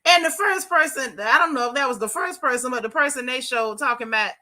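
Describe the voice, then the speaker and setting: A woman hosts her own channel, gossiping casually and exclaiming in disbelief. Her voice sits fairly high and comes across bright and forceful. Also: fast. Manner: sassy, animated, exclaiming. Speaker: YouTube commentator.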